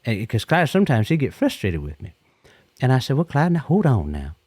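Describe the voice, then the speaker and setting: A man calls in and spins a long, wandering comic tale in a folksy, loose way, doubling back and restarting as he goes. His voice sits at an ordinary middle pitch, and it is recorded close and dry, with no room sound. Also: huge pitch swings, fairly quick, darkish tone, no room sound. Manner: folksy, rambling, repeats and restarts himself. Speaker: caller. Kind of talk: rambling comedic anecdote.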